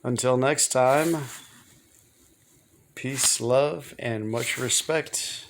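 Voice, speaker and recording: A man's voice: mid-range voice, extremely slow, a little hiss or hum. A man talking casually to camera in a personal vlog, rambling and hesitant, often repeating words. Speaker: vlogger.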